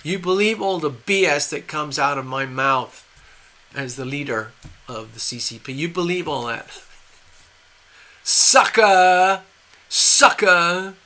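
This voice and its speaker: A man's voice: high voice, normal speed, hardly any pauses, bright, forceful tone. A man mocking a gloating leader. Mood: taunting. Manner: taunting, scornful.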